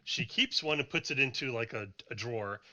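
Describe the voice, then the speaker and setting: A man's voice: mid-range voice, fairly quick, sharp tone. A man narrating as game master of a tabletop game, rambling and correcting himself as he goes.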